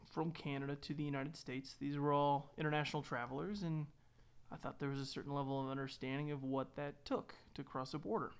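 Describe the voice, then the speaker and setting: Man, tour guide, casual anecdote, laughing, slightly raised pitch. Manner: laughs often, relaxed, lots of restarts and quoted dialogue. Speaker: tour guide and van driver.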